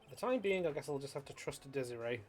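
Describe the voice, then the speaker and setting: A man voicing a young defense lawyer in a video game in a calm, measured reading. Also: medium pitch, a little hiss or hum, lightly acted. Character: level-headed young male defense lawyer.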